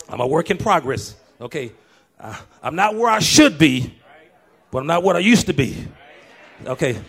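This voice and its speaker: A male pastor preaching a lively sermon, moving from quiet talk to loud shouts and laughing with his congregation. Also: normal speed, husky, some chatter behind. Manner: animated, swings from low and quiet to shouting.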